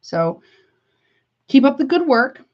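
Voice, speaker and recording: A woman tarot reader gives her viewers a casual reading, chatty and heartfelt, and calls listeners "honey." Her high voice swings widely in pitch and she takes it slowly, on slightly dull lo-fi audio.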